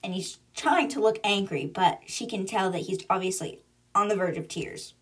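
A woman's voice: medium pitch, normal speed, breathy edge. A woman hosting a book podcast, retelling the chapters casually in her own words and chatty manner. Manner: chatty, "she's like" storytelling.

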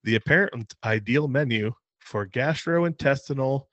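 A man's voice: medium pitch, measured pace, fairly bright tone, no room sound, muffled recording. A man co-hosting a casual podcast, reading a news story aloud with laughing asides. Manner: reads out articles with laughing asides. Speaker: podcast co-host.

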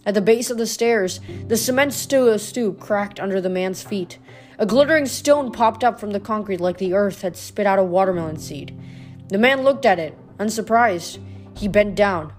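Woman, audiobook-style reading, mid pitch, steady, small self-corrections, faint music. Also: moderate pace. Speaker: audiobook reader. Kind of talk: reading a novel aloud.

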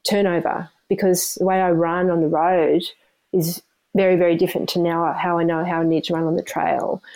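A woman's voice: on the low side, a little mellow, low-quality recording. A woman, talking candidly and animatedly as an interview guest, with frequent restarts and self-deprecating asides. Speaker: guest, runner.

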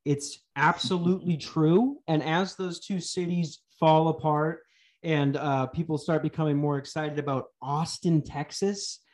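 A man's voice: fairly high pitch, fairly even intonation, unhurried, darkish tone. Young male podcast host, profane sarcastic rant style. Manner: swearing, ranting, sarcastic.

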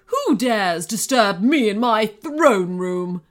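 A woman's voice: on the high side, very animated, measured pace, soft background music, voice pushed up. A woman voicing an evil, greedy female goblin queen who shrieks and cackles threats. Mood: outraged. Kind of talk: storybook character voice.

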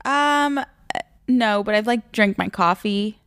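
A woman's voice: medium pitch, slow pace, fairly bright tone, clean tone, no echo, clean studio sound. A woman, a recurring podcast guest, chatting casually with lots of fillers and giggles. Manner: giggly, filler-heavy talk. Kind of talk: casual chat.

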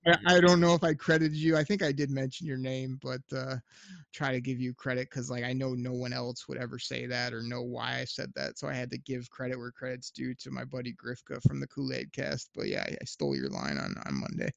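A man's voice: mid-range voice, steady tone, fairly quick, vocal fry, a bit bright, no echo, lo-fi sound. A man co-hosting a podcast, chatting casually about football with frequent restarts and laughs. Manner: rambling, laughs often, many restarts. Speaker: podcast co-host. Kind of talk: casual sports chat.

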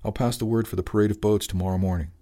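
A man's voice: fairly low pitch, steady tone, racing, dark tone, close to an everyday voice. A man voicing a relieved, eager harbor organizer.

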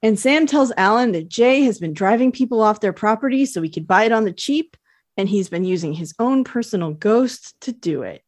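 This podcast co-host is a woman with a mid-range voice and lively intonation, chatting through a casual TV episode recap at a moderate pace. She giggles easily and quotes characters in a lightly acted voice, recorded close and dry with no room sound.

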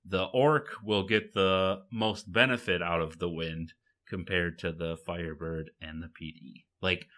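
A man's voice: sits low, fairly even intonation, measured pace, fairly bright tone. A young man co-hosting a casual podcast chat, rambling and correcting himself as he goes. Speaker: podcast co-host.

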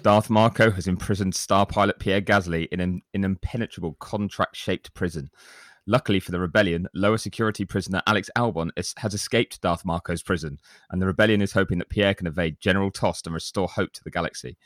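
Man, very low voice, dry close mic, casual podcast co-host, teasing, reads reviews aloud. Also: fairly even intonation, fast talker, hardly any pauses, no echo. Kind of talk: casual chat.

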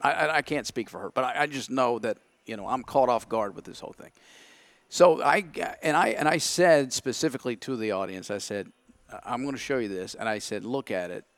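A man's voice: mid-range voice, brisk, fairly bright tone, dry recording. A man telling a story in casual chat, acting out his own past thoughts. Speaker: podcast guest.

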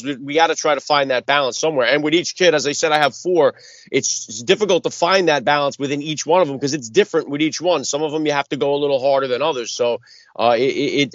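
A man's voice: a little high, fairly bright tone, dry recording. A man hosts an interview, asking questions in an earnest, conversational way. His voice sits close and dry, with no room sound. The recording is dull and lo-fi. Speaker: podcast host.

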